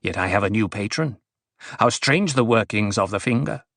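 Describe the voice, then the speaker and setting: A man's voice: fairly low pitch, expressive, normal speed, vocal fry, a bit bright, no echo, clean studio sound, exaggerated voice. Bijaz, a man doing a riddling dwarf jester. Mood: wheedling. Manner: punning, singsong riddles.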